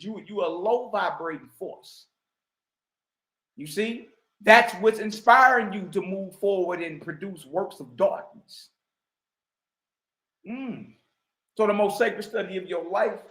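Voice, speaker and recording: A man's voice: sits high, fairly bright tone, roomy sound, rough recording. A man teaching spirituality in an emphatic preaching style, full of slang and asides to his listeners. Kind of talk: preaching commentary.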